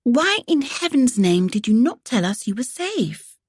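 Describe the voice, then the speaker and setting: A woman voicing an indignant, sharp-tongued young noblewoman who scolds an old friend. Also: very animated, unhurried, slightly rough, no echo, clean studio sound, full character voice. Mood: reproachful. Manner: reproachful, high and pointed.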